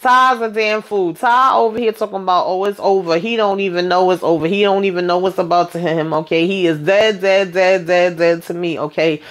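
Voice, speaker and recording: A woman hosting a casual reality TV recap, telling the story in a sassy, animated way with exasperated asides. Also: lowish voice, brisk, hardly any pauses.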